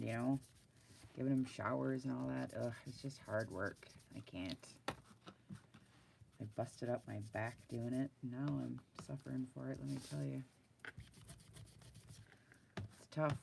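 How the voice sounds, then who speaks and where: A middle-aged woman talks bluntly and animatedly to live viewers from her desk while she draws. Her voice sits very low and gravelly. A faint hiss sits under her talk, along with pen clicks and scribbling. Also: a little slow, pauses often. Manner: chatty, blunt, animated, laughs often. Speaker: vlogger chatting with live viewers. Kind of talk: casual chat while drawing. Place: at a desk indoors.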